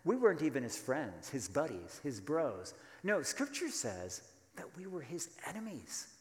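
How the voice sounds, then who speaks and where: A man's voice: fairly high pitch, wildly swooping pitch, measured pace, a little mellow, roomy sound, in a large hall. A man preaching a sermon as pastor, emphatic and full of rhetorical questions, calling on the congregation to answer.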